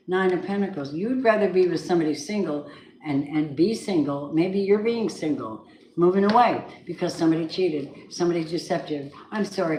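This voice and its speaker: A woman's voice: sits low, darkish tone, slight background noise. A woman giving a weekly tarot reading, chatty and blunt, talking straight to the viewer. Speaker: tarot reader. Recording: roomy echoey room.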